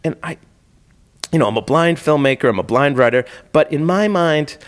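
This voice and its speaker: A man's voice: a little high, moderate pace. A middle-aged man, a blind filmmaker, telling a story in an interview with laughs and acted-out voices. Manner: lively, laughing, acts out voices in stories. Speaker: guest, blind filmmaker and author.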